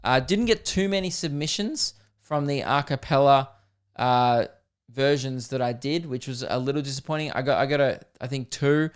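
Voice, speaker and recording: Young Aussie male podcast host, loose and jokey, casual swearing, medium pitch, clear tone. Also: moderate pace. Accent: Australian. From Australia. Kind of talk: casual solo podcast chat.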